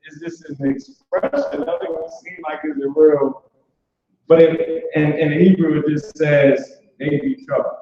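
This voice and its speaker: A man's voice: lively intonation, a little slow, vocal fry, mellow. Casual man teaching over an echoey call. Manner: loose, conversational, repeats "boom" and restarts often. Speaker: class teacher. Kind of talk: informal online language class. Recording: echoey, dull online call audio.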